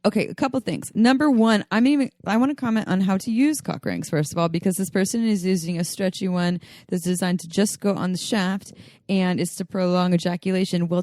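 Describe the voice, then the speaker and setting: A woman's voice: medium pitch, fast, darkish tone, dry recording, studio quality. A woman co-hosting a podcast in casual chat, explaining things frankly and laughing easily. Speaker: podcast co-host.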